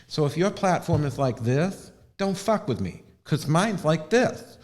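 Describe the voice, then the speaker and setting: A man's voice: on the high side, very animated, measured pace, hardly any pauses, a little mellow. Guy ranting on his livestream, swears a lot, sardonic, talks into a webcam mic. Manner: rambling, profane and sardonic. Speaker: livestream host. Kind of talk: casual live-stream talk.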